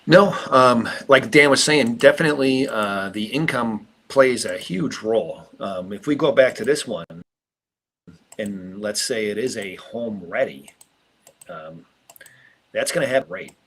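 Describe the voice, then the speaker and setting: A man's voice: mid-range voice, animated, unhurried, fairly bright tone, husky. A man working as a loan officer, answering questions hesitantly with many ums. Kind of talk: casual answers on a live stream.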